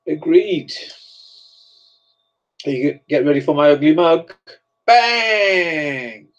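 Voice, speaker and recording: A man's voice: a little high, flat delivery, quick pace, darkish tone, rough recording. A man hosting a live stream, chatting casually and reading viewer comments aloud as he reacts to them. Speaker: livestream host.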